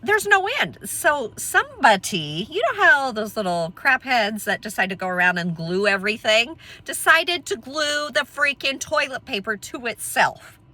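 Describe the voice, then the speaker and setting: A middle-aged woman telling a story in an animated way, often laughing and acting out other people's voices. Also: a little high, moderate pace, few pauses.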